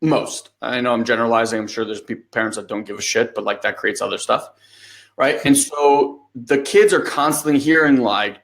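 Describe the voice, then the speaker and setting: Animated man telling a story. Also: medium pitch, moderate pace, gravelly. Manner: animated storytelling, acts out quotes, swears casually. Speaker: podcast co-host. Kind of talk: casual conversation.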